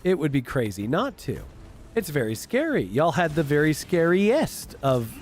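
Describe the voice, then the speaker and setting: Lively, profane male streamer host. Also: fairly high pitch, normal speed, slight background noise. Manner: animated, profane, rambling with many fillers. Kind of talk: casual chat.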